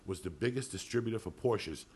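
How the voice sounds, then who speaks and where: A man's voice: lowish voice, lively intonation, a little fast, a crowd in the background. A man co-hosting a podcast, telling a long story in a casual, profane, rambling way. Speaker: podcast co-host.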